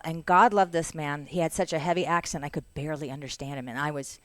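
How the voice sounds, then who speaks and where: A middle-aged woman from Canada, a podcast guest, telling an animated story in casual chat and acting out the voices of others. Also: sits low, fast talker, dry recording.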